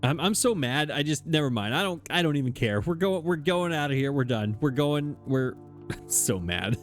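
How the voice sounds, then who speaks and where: Faint music plays behind this let's play gamer, whose voice is on the high side, expressive and a bit fast. He grows flustered and exasperated over his gameplay and talks to himself about it.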